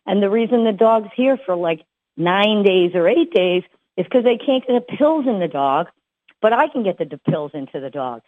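A woman's voice: mid-range voice, animated, normal speed. A woman dog trainer giving casual advice, chatty and full of fillers and restarts. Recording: tinny phone-like sound.

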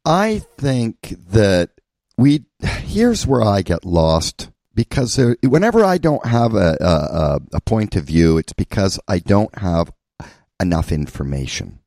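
A man's voice: lowish voice, big pitch swings, slow pace, vocal fry, darkish tone, no echo. A man, a guest on a talk radio show, hesitantly searching for words as he answers. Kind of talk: casual talk radio chat.

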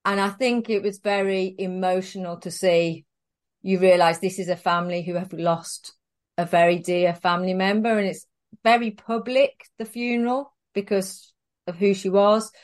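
A woman guest in an interview, telling a story in a chatty, animated way and laughing often. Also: mid-range voice, normal speed.

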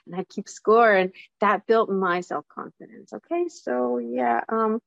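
A woman hosting her own show, telling a personal story in a casual, animated monologue that leaps up in pitch. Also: measured pace, vocal fry, no room sound, muffled recording. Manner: animated storytelling with sudden high jumps. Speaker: show host.

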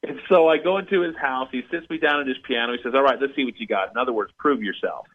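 A man's voice: medium pitch, quick pace, narrow, tinny audio. A man telling a long personal story as a guest in an interview, acting out the people he quotes. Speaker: guest musician.

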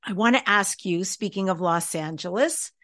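Woman host, mid-pitched voice, gushing and enthusiastic, casual interview chat. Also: normal speed, fairly bright tone. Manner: enthusiastic and effusive.

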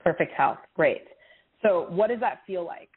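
A woman giving intuitive readings to callers on a call-in show, expressive and reassuring, with feeling in her voice. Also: fairly low pitch, unhurried, breathy edge. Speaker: intuitive reader answering callers. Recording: tinny phone-line sound.

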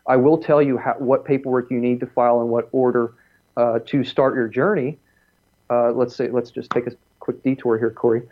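A man's voice: mid-range voice, steady tone, moderate pace, dull audio. A man talking casually on a podcast, blunt and profane, telling stories with quotes he acts out.

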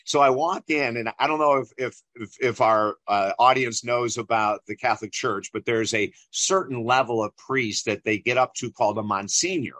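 A middle-aged man, a guest in an interview, telling a personal story in a lively way and acting out the dialogue. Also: mid-range voice, normal speed, hardly any pauses, no room sound. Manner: animated storyteller who acts out dialogue.

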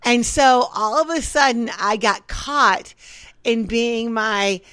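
A woman's voice: on the high side, slow pace, clean tone, no echo. A woman co-hosting a casual podcast chat, telling stories animatedly and acting out what people said. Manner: animated storyteller acting out quotes. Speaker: podcast co-host.

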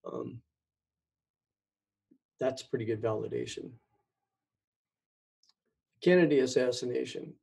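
A man's voice: mid-range voice, slow pace, gravelly, pauses often, noisy background. A man hosting his own show, talking in a rambling monologue, stumbling and repeating words with many ums. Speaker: podcast host.

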